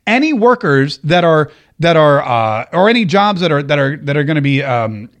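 A man's voice: fairly high pitch, big pitch swings, moderate pace, a bit bright. A man hosting a talk show, giving casual, joking political commentary with frequent restarts. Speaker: podcast host.

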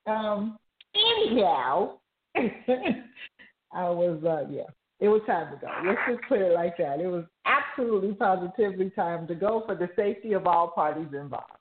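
A woman's voice: fairly low pitch, very animated, moderate pace. A woman in her fifties sharing a personal faith testimony on a talk show, laughing often and turning earnest and preachy. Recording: tinny phone line.

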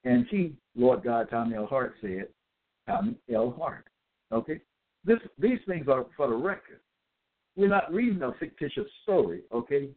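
A man delivering a scripture-citing monologue, reading out verse references and pausing to ask "okay?" as he goes. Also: medium pitch, big pitch swings. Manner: deliberate, checks in with "okay?"; spells out capitals, hesitant fillers. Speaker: self-styled religious teacher. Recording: tinny phone-like audio.

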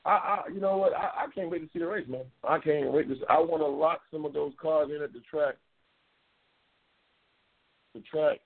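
Excitable man on a tinny live stream. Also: normal speed, vocal fry, long pauses. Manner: loose, excitable, repeats himself, bursts into high-pitched race calling. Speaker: talk show host reading viewer comments. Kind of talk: casual live-stream chat about drag racing. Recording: tinny phone-like lo-fi audio.

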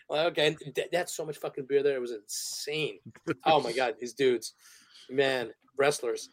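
A man's voice: medium pitch, steady tone, moderate pace, dry recording. A man who is a podcast guest telling stories in a casual interview, rambling with fillers and restarts and laughing often.

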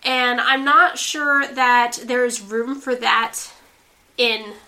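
A woman explaining theology earnestly in a podcast conversation. Her voice sits a little high and sounds bright and crisp. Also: steady tone, takes it slowly. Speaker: podcast co-host. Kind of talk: casual theological discussion.

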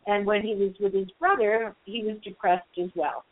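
A woman's voice: medium pitch, steady tone, moderate pace, no echo. A woman retelling a fairy tale in casual spoken storytelling, with fillers, asides and quoted voices acted out. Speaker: Jungian storyteller. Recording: dry, tinny phone-like sound.

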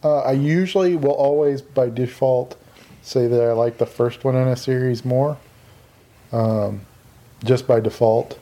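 A man's voice: medium pitch, steady tone, unhurried, mellow. A man co-hosting a casual chat, giving wry, firm opinions.

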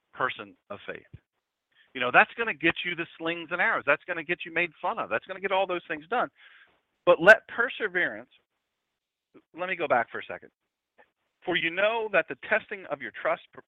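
Middle-aged male preacher, lively storyteller, thin lo-fi dry recording. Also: fairly high pitch, no echo. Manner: storytelling, acts out quotes. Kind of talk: conversational sermon. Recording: tinny phone-like dry sound.

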